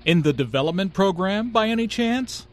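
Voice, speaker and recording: Brief: male dialogue reader, somewhat high voice with lively intonation, friendly and clear. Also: moderate pace. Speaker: dialogue reader in an English lesson. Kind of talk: scripted conversation reading.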